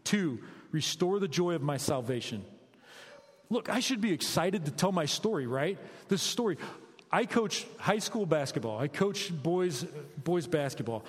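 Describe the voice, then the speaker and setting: A middle-aged man preaching a conversational sermon, energetic and quizzing his listeners with questions. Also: on the high side, unhurried. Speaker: preacher, high school basketball coach. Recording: long hall reverb.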